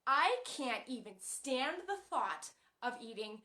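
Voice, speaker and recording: A young woman chatting to camera in a casual vlog, telling stories with animated, emotional energy and acting out quotes. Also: fairly high pitch, slow pace, echoey room. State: pregnant. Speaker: vlogger.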